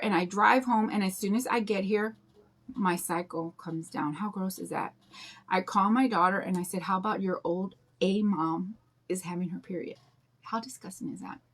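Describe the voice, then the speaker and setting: Brush in hand, this woman in her fifties, a craft vlogger, wanders through a personal story in a confiding, rambling chat. Her medium-pitched voice has a fairly bright tone.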